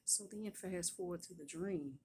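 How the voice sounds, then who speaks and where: A woman, a prophetess, telling a personal testimony in a hushed, partly whispered voice while at her workplace. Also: lowish voice, moderate pace, a little hiss or hum.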